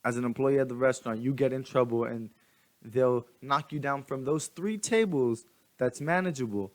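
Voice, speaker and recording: A young man vlogging, venting in a rambling, animated way and restarting his sentences often. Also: mid-range voice, normal speed. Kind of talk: casual venting monologue.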